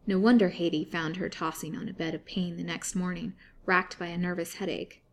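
A woman narrating a serialized story with steady, dramatic reading. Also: lowish voice, brisk, slight background noise.

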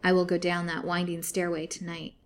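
A woman's voice: on the low side, monotone, brisk, close to an everyday voice. A woman reading a storybook, voicing a frightened but brave young woman held prisoner, speaking earnestly. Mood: resolute. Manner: earnest, exclamatory.

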